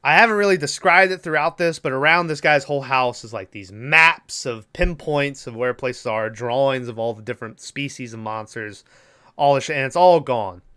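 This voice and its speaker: This podcast co-host speaks at a medium pitch and moderate pace, his tone sharp yet smooth. He recounts a film's plot in casual, foul-mouthed chatter, performing the characters' dialogue.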